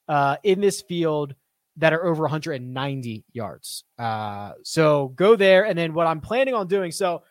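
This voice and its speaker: Young male stream host, high-pitched, dry close sound, chatty and self-deprecating. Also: no echo. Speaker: host of a fantasy golf stream. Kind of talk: casual live-stream Q&A reading chat.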